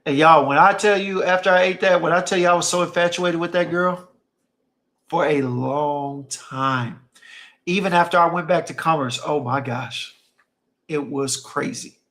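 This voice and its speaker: A man's voice: on the high side, normal speed, fairly bright tone. A man hosting a stream, telling casual stories in an emphatic way and often repeating phrases for effect. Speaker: livestream host reading chat. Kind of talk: casual storytelling chat.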